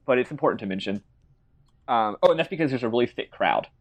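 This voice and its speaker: A man's voice: mid-range voice, animated, quick pace. A man casually recapping a video game as a podcast co-host, rambling and joking.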